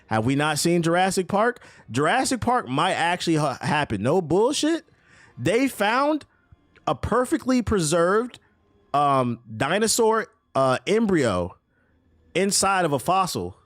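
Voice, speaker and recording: A man's voice: high voice, a little slow, no echo. A man streaming a game, chatting casually and profanely with his chat while he plays. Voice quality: profane, loose and animated.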